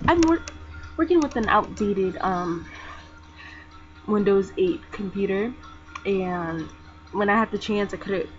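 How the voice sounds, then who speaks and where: A young woman chatting casually over gameplay, soft-spoken and rambling, with lots of fillers. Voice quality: soft-spoken, talks low. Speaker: gaming vlogger. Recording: dull lo-fi mic with game music. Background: game music.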